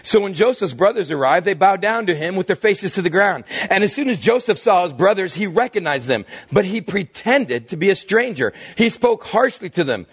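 Male pastor, higher-pitched husky voice, lively storytelling sermon with hushed drops. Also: normal speed, hardly any pauses. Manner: animated storytelling, drops to hushed low tones for emphasis.

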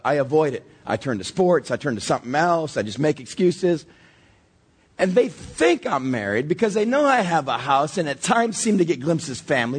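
Slightly hoarse man preaching with a lively voice. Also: high-pitched. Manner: storytelling with lively acted-out quotes. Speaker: pastor. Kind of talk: sermon.

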